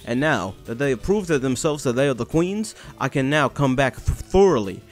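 A man's voice: mid-range voice, lively intonation, normal speed, soft background music, close to an everyday voice. A man voicing his game creature as a smug, self-important male turtle boss.

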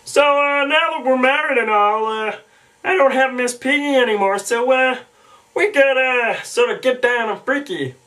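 A man's voice: very high-pitched, normal speed, bright, forceful tone, voice pushed up. A man voicing a mild-mannered male frog puppet, hesitant and filled with ums. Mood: goofy. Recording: distant home mic.

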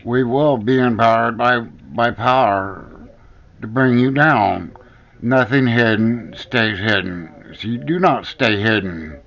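A man's voice: medium pitch, slow pace, a bit bright. A man delivering a heated, profane rant to the camera, hammering home repeated accusations. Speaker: vlogger. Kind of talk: angry personal rant to the camera. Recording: dull lo-fi recording.

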